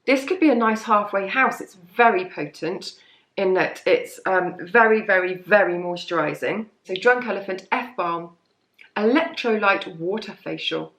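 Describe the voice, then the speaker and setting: A woman's voice: medium pitch, moderate pace, fairly bright tone, reverberant. A woman casually chatting through her favourite beauty products, rambling and self-deprecating as she goes. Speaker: beauty vlogger.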